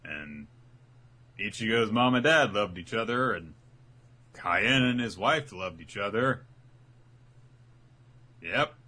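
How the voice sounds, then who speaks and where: Bright, husky low-voiced man chatting. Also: animated, slow pace, pauses often. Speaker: podcast co-host. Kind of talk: casual podcast chat.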